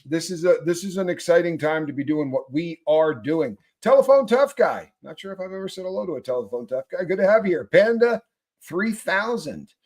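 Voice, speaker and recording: A man hosts a live morning show in a rather high voice, loose and joking as he reads out viewers' names. His talk is unscripted, quick to laugh and full of asides. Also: animated. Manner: loud, joking, reads chat names aloud. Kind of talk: casual live-stream chat.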